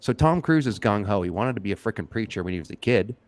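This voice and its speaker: A man's voice: fairly low pitch, lively intonation, fast, no room sound. A man hosting a casual livestream chat, talking bluntly and swearing freely. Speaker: host.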